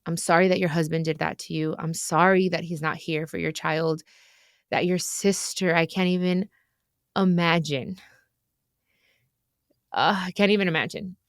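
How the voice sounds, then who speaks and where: A woman's voice: on the low side, fairly even intonation, moderate pace, pauses often, clean tone, no echo, studio quality. A woman hosting an advice podcast, talking earnestly and with emotion to listeners. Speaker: podcast host giving advice. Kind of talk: heartfelt advice chat.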